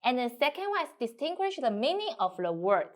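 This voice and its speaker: A woman's voice: high-pitched, big pitch swings, fairly quick. A woman teacher with a Mandarin Chinese accent, speaking in simple English and modeling tones in a singsong way. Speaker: language teacher. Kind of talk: slow explanatory lesson.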